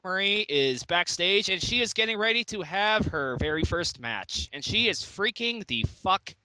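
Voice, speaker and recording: A man's voice: sits high, expressive, moderate pace, bright, forceful tone, no echo, poor audio. A man co-hosting a casual review podcast, recapping episodes in a wry, profane way. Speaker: podcast co-host.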